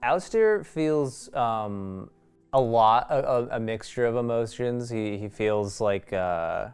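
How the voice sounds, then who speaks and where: A man playing a tabletop game, describing his character in a hesitant, halting way. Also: mid-range voice, lively intonation, darkish tone, clear, resonant tone. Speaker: player.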